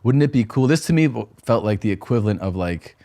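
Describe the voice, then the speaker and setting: A man guest telling a casual, animated story, acting out quoted dialogue and laughing often. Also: mid-range voice, fast. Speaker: guest comedian.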